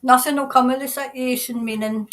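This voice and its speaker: Woman doing a psychic tarot reading off the cuff, kinda high voice, stops and restarts, says things twice. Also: steady tone, a bit bright, rough recording. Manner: halting, repeats phrases, earnest. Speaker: tarot reader.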